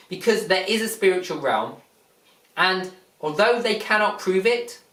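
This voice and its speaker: A man's voice: high voice, fairly bright tone. Man, spiritual teaching monologue, repetitive explaining, echoey room, distant mic. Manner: slow, repetitive explaining with rhetorical questions.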